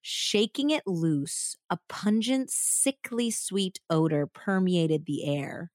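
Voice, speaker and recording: With an animated, slow-paced delivery, this low-voiced, slightly mellow woman tells true crime stories dramatically as a podcast co-host. Between segments she banters playfully, and the audio is studio-quality without echo.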